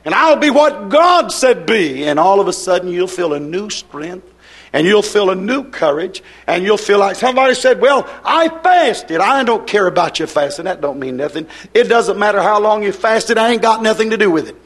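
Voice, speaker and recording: A man preaching a sermon in an emphatic, repetitive cadence, breaking into shouts. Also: sits high, fairly quick.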